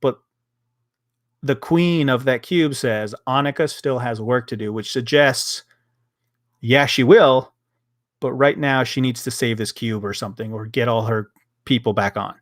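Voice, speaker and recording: A man's voice: medium pitch, unhurried, dry recording. Young guy ranting in a casual review chat, swears a lot, acts out lines, dry close mic. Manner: ranting, swearing, acting out quotes. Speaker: podcast co-host.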